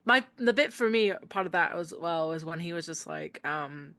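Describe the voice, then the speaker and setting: A woman's voice: lowish voice, expressive, normal speed, fairly bright tone, dry recording, clean studio sound. A woman co-hosting a podcast in casual chat, giggly and playful, acting out quotes as she tells stories. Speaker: podcast co-host.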